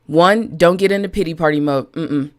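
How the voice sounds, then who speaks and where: A woman's voice: low-pitched, moderate pace. A woman business coach talking directly to live-stream viewers, chatty and frank, greeting people by name as she goes.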